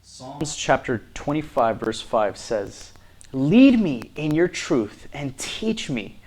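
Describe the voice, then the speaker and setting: A man reading Bible verses aloud deliberately, with expressive emphasis. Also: mid-range voice, breathy edge. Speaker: scripture reader. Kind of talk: slow scripture reading.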